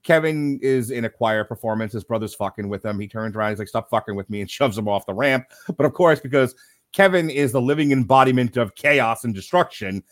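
Sardonic, profane podcast co-host. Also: male voice, medium pitch, animated, a little fast, no room sound, studio quality. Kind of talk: casual comedic movie review.

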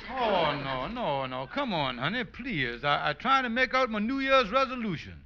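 An actor playing a scheming, boastful husband in a 1950s radio sitcom, with a blustery, wheedling comic delivery on an old, dull radio recording. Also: male voice, high-pitched, sing-song, normal speed, crowd noise. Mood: pleading. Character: scheming boastful husband, middle-aged man.

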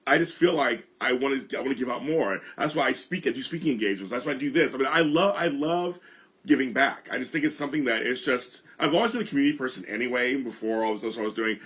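A man's voice: mid-range voice, fast talker, fairly bright tone. A middle-aged man from Los Angeles hosting, telling his own story in an earnest, reflective way that often repeats and restarts phrases. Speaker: host. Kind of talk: candid conversational storytelling.

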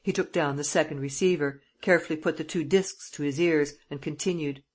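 An audiobook narrator telling a story in a steady, measured way. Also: medium pitch, breathy edge. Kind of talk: scripted narration.

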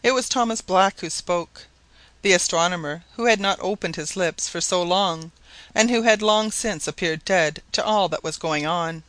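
Brief: male narrator, high bright voice, dry close recording, steady storytelling. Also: normal speed, no echo. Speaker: audiobook narrator. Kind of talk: scripted narration.

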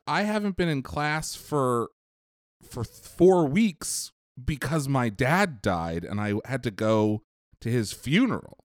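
A man co-hosting a podcast, telling stories in casual chat, animated and profane, laughing often. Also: medium pitch, a little slow, no room sound, clean studio sound. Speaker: podcast co-host.

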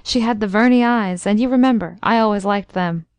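A woman's voice: mid-range voice, brisk, smooth, no echo, natural voice. A woman doing a cheerful young man, easy and playful. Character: cheerful young man, warm-hearted suitor.

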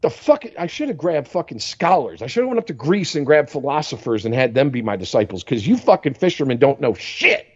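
A man's voice: medium pitch, sing-song, fairly quick, few pauses, slightly rough. Profane, rambling podcast man. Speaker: podcast co-host. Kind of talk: casual chat. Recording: dull lo-fi recording.

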